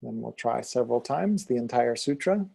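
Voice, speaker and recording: A man teaching yoga philosophy and Sanskrit pronunciation in a calm, deliberate way, leading students to repeat after him. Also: mid-range voice, gravelly, slightly rough. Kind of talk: slow, calm teaching with call-and-repeat chanting.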